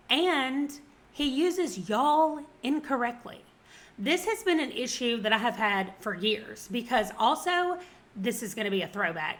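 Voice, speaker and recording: A woman's voice: on the high side, fairly bright tone. A woman in her forties with a Southern American accent, chatting casually about books she has read and laughing often. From Southern United States. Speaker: book vlogger. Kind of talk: casual book review chat.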